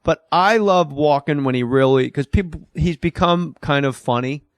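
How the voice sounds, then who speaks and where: A man's voice: a little high, moderate pace, dry recording. Man hosting a comedy podcast, bossy, swearing, storytelling, dry studio mic. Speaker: podcast host. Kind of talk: casual comedy podcast chat.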